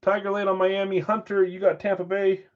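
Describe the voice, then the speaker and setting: A fairly high-voiced man hosts a live-stream card break, rattling off names and assignments in a brisk roll call. He drops casual chatty asides between the calls. The sound is dull and lo-fi, like stream audio. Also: completely flat delivery.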